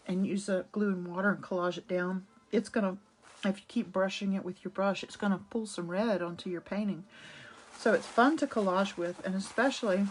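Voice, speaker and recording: A woman teaching a live painting and collage demo, chatty and enthusiastic, greeting viewers as she works, a little hoarse from a cough drop. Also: mid-range voice, slight background noise. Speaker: art instructor. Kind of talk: casual live craft demo. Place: home art studio.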